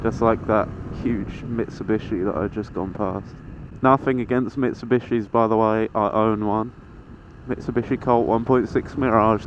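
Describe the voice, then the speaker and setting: Riding his motorbike through town traffic, a nineteen-year-old motovlogger chats to the camera, cursing a lot, poking fun at himself and bursting into excited yelps. His pitch is fairly low, and he talks at a measured pace with long pauses. The helmet-mounted action camera yields dull lo-fi audio swamped by wind, traffic and engine noise.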